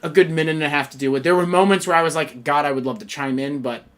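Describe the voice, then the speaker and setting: A man's voice: on the high side, fast talker. A man in his thirties, co-hosting a casual podcast chat, telling a rambling story and repeating his own lines. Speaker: podcast co-host.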